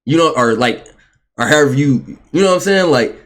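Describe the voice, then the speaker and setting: A man's voice: on the high side, lively intonation, a little fast. A man in casual podcast chat, rambling and searching for his words as he asks questions. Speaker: podcast host.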